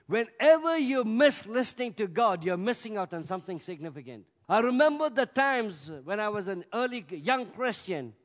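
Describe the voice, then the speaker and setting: A high-voiced male preacher delivers a sermon with a very lively, rising and falling delivery. He swings from loud bursts to hushed, drawn-out words. His voice rings with the long reverb of a large church hall.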